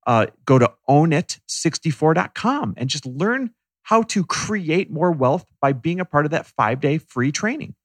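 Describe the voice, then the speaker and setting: Lively, animated male podcast host. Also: a little high, normal speed, dry recording. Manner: energetic, emphatic, motivational. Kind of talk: casual podcast chat.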